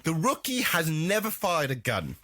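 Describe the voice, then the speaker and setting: A man co-hosting a podcast, reviewing a movie in casual chat with a mocking, animated manner. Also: on the high side, normal speed. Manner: animated, mocking, slips into jokey impressions. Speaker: podcast co-host.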